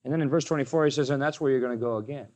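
A man preaching a sermon and retelling a Bible story dramatically, raising his voice for the opponents and dropping it low and quiet for the weighty lines. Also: very fast. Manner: dramatic retelling, acts out the Pharisees in a raised voice.

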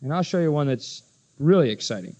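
Emphatic high-voiced male preacher. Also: sing-song, darkish tone. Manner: emphatic, rhetorical questions, slows down for quoted scripture. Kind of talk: expository sermon. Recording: dull lo-fi sermon recording.

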